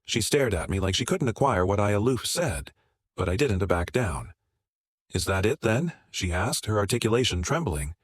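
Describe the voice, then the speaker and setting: A man narrating a first-person drama story in a steady, measured way. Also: on the low side, no echo, studio quality.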